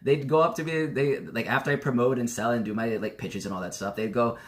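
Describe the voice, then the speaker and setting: A man in his thirties vlogging casually, telling stories with animated energy and acting out old arguments. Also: mid-range voice, normal speed. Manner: animated storytelling, acts out heated arguments. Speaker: network marketing vlogger. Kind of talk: casual talk to camera.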